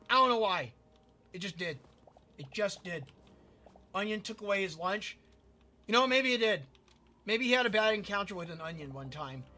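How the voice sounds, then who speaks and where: A man with a high, bright, pushed voice streams a building game while telling a meandering story in casual fashion, frequently repeating himself and stumbling over his words.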